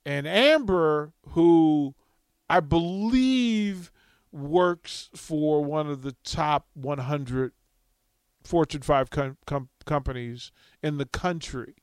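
Man, talk radio host, animated storyteller, high voice, dry studio sound. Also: slow pace, smooth, dry recording.

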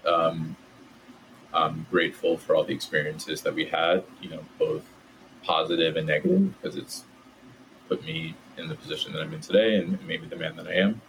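Casting: low-voiced man, loose chatty storyteller, faint hiss behind. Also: moderate pace, rough recording. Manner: relaxed, many "like" fillers. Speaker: podcast guest. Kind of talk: casual storytelling.

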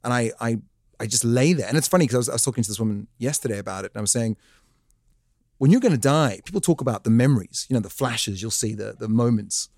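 A man, a podcast guest telling a comic story in a jokey, animated way. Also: medium pitch, quick pace, no room sound, clean studio sound. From South Africa. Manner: animated, jokey, acts out voices in his stories. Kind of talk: comic storytelling in casual chat.

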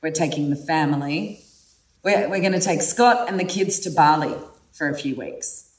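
A woman lowering her voice to play her inner masculine, a blunt and decisive man. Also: normal speed. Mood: firm. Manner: low, flat, commanding. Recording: roomy sound from a distant mic.

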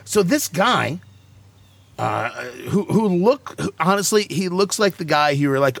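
A man's voice: sits high, vocal fry, no echo. A man hosting a talk show, ranting and joking sarcastically in casual banter with co-hosts. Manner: animated, sarcastic, quick asides.

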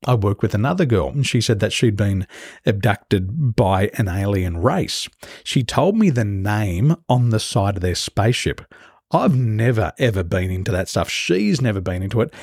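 A man telling stories with a lively, swooping delivery. His voice is low and a little husky, and he sounds close to a dry mic with no room echo. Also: normal speed. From Australia. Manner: animated anecdotes, acting out quoted voices. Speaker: guest, business coach. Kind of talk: storytelling interview.

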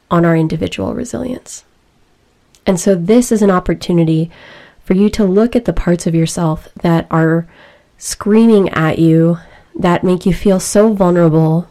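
A young woman with a slightly low voice speaks in a reflective personal talk. She is earnest and emotional, and she chooses her words slowly and deliberately. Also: creaky, dark tone.

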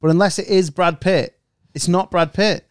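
A man's voice: sits high, steady tone, moderate pace, smooth, no echo, studio quality. A man co-hosting a podcast, teasing his friends in casual banter and reading a sweary ad for the show. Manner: teasing, sweary, laughs often. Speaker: podcast co-host.

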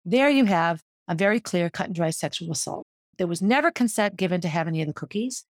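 A woman's voice: fairly low pitch, expressive, fast talker, no echo, clean studio sound. A woman, a former teacher, telling a personal story in a vivid, descriptive way that walks listeners through a scene.

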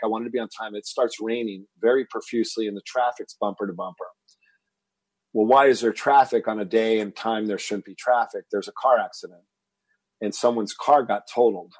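A man in his fifties from Texas, telling a personal story as a guest in an interview, animated and getting louder as he relives the moment. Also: mid-range voice, slightly rough, dry recording, poor audio. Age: 50s. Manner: animated storyteller, rises to shouting when reliving anger. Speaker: fitness entrepreneur guest.

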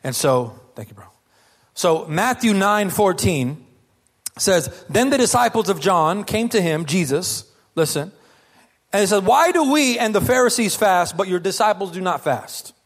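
A man preaching a sermon as pastor, conversational and lively, firing off rhetorical questions to the congregation. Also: high voice, a little slow.

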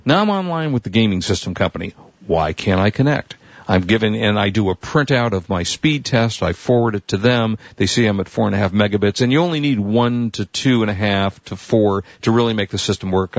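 A man with a lowish voice hosts a tech news show and tells a long, rambling anecdote in casual chat, acting out the people he quotes. The recording is dull, lo-fi, and dry, with no room sound.

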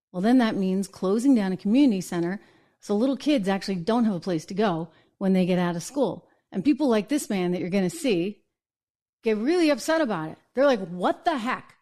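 A woman's voice: mid-range voice, mellow. A woman from New Hampshire hosting an opinion show, indignant and full of rhetorical questions. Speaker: host.

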